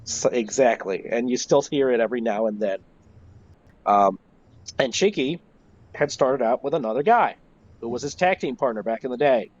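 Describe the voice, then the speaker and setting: A man, a wrestling historian, tells stories in a casual, animated way, with plenty of swearing. His voice sits at a middle pitch for a man. It is heard through slightly muffled, lo-fi voice chat audio. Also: moderate pace. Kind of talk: casual interview storytelling.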